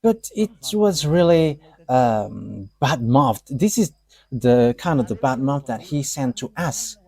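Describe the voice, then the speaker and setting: A man's voice: mid-range voice, mellow. A man giving a live religious teaching, talking hesitantly with many fillers and restarts and laughing often.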